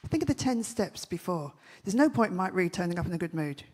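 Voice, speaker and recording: A woman holds a stage with a brash, joking keynote, firing off punchy stories. Her voice sits a little low and has a husky edge to it. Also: sing-song, a little mellow. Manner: brash, punchy storytelling with quick jokes. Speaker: festival speaker. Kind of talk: comic keynote talk. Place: large event stage.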